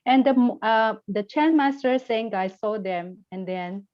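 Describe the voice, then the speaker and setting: A woman's voice: on the high side, a little slow, hardly any pauses, dry recording. Woman teacher, buddhist story lesson for kids, questioning, dry dull recording. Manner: questioning, gently instructive.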